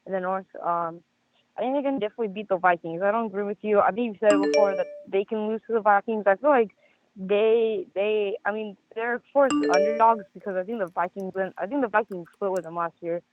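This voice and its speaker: A hoarse man with a high voice calls in over a tinny phone line. He talks fast and rambles, tripping over himself with stammered restarts. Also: fairly even intonation. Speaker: caller. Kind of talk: casual sports call-in chat.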